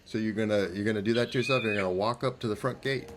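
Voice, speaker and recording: A man running a tabletop game as game master, asking players quick questions with restarts and laughs. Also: a little hiss or hum. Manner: quick questions, restarts, laughs, jumps to high goblin voices. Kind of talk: narrating a tabletop game, putting on guard voices.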